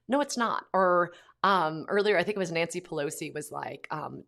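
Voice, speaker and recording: A woman with a notably low voice talks earnestly on her own podcast, loose and conversational. She fills her pauses with ums and likes, and her sentences wander and restart. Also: expressive, vocal fry. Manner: earnest, conversational, many fillers. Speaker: podcast host. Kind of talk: casual monologue.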